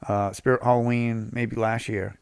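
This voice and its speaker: A man's voice: mid-range voice, little pitch movement, moderate pace, creaky, smooth, no echo, clean studio sound. A man co-hosting a podcast in casual chat, laughing often and swearing freely. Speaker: podcast co-host.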